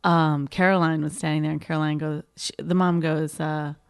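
Gravelly-voiced woman telling a comic story. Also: deep voice, normal speed, no echo, clean studio sound. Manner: animated, lots of "like" and "I go", acts out quoted voices. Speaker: stand-up comedian. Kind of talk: casual storytelling chat.

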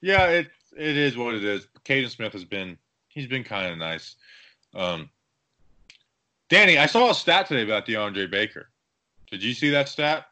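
He's a young guy co-hosting an informal sports podcast, speaking in a mid-range voice at a moderate speed with long pauses. Joking and rambling, he tells his stories with animation.

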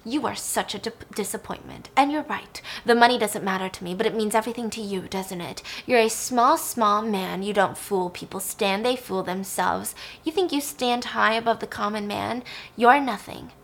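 A woman's voice: medium pitch, normal speed, gravelly, hardly any pauses, fairly bright tone. Woman reading out a cold, mocking female psychiatrist. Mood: contemptuous. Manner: cool, condescending, taunting.

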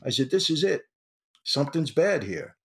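An older man, an interview guest telling his story in an animated way and acting out the dialogue. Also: a little high, moderate pace. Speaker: interview guest, former mobster.

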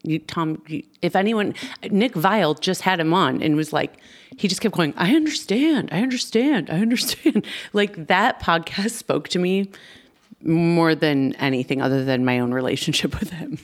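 A woman with a notably low voice hosts a casual podcast chat. She talks emphatically and gushes about what she loves, breaking into laughter often. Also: normal speed. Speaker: podcast host.

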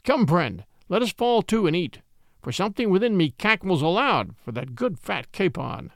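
A man's voice: sits high, sing-song, normal speed, fairly bright tone, no room sound, studio quality, full character voice. A man voicing a merry, swaggering outlaw in archaic jovial speech.

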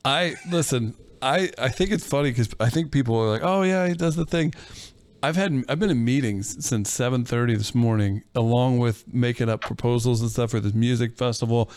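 A man on a casual podcast with a smooth, clear, mid-pitched voice. He explains things in quick runs that wander a little, full of restarts. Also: a little mellow, no echo.

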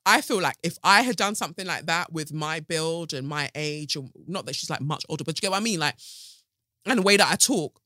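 A woman's voice: deep voice, animated, a little fast, sharp tone, no echo, clean studio sound. A woman hosting a podcast from her sofa, talking in an emphatic, sassy monologue. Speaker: podcast host. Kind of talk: casual commentary monologue. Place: home sofa.

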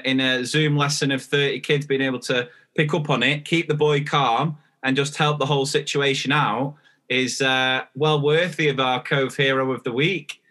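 A man co-hosts a teachers' podcast in relaxed, rambling chat, full of fillers and restarts. His voice is bright and forward, pitched a little high for a man. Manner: rambling, chatty, lots of fillers and restarts, quick to laugh. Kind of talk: casual chat.

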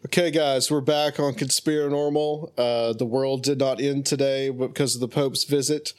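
A man's voice: mid-range voice, fairly even intonation, normal speed, clear, resonant tone. Chatty male radio talk show host.

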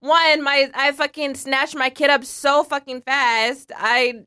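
A woman's voice: sits high, steady tone, takes it slowly, sharp tone, no room sound, studio quality. A woman co-hosting a casual podcast chat, telling a story emphatically and swearing freely. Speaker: podcast co-host.

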